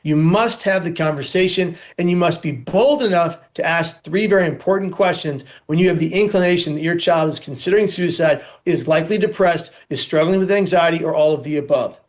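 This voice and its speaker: A man's voice: a little high, fairly quick, few pauses. A man speaking as an interview guest on suicide prevention, earnest and emphatic, stacking points into insistent lists.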